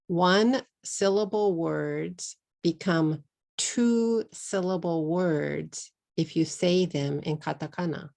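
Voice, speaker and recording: Middle-aged Texan woman, English teacher, very slow and deliberate, slightly low voice. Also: creaky, a little mellow. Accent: Texas. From Texas, USA. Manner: slow, deliberate, repeats words for learners. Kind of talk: pronunciation lesson.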